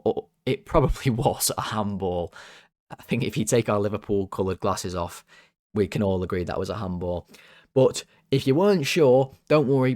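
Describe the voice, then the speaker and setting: A man's voice: on the low side, a little mellow, no echo, studio quality. A man hosting a fan channel, chatting casually through player ratings, joking and rambling off topic. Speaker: football fan channel host.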